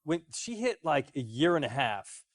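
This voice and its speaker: A man telling a funny story as a talk show guest, laughing and animated. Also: on the high side, moderate pace, no room sound. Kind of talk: casual anecdote.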